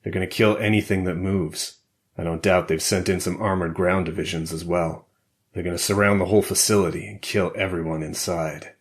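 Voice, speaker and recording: A man's voice: deep voice, steady tone, a little fast, natural voice. A man voicing a hardened ex-intelligence operative in a thriller audiobook, clipped and matter-of-fact. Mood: grim. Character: hardened male ex-CIA operative, grim and cold.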